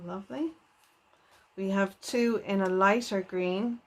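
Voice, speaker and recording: Woman host, unhurried crafting unboxing read, soft and admiring. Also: mid-range voice. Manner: gentle, enthuses with repeated "lovely". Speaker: papercraft channel host. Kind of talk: unboxing video.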